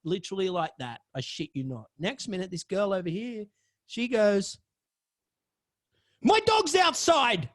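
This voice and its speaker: High-voiced man, swearing storyteller. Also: animated, moderate pace. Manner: profane, dramatic, swings between loud and hushed. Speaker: podcast host. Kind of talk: personal storytelling.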